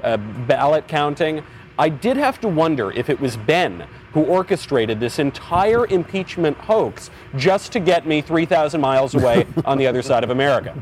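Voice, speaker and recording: A man's voice: a little high, sing-song, moderate pace, darkish tone, a little hiss or hum. A man joining a podcast from a distance, speaking with mock-grandiose, dry humor. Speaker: podcast co-host joining remotely. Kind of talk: casual podcast banter.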